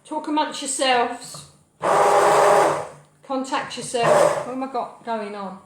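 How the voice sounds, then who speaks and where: A British woman hosting a live cooking show from her kitchen, rambling cheerfully with cheeky asides and loud whoops. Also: a little high, normal speed, heavy background noise. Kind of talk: chatty live cooking stream. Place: home kitchen. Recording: echoey kitchen with clattering dishes.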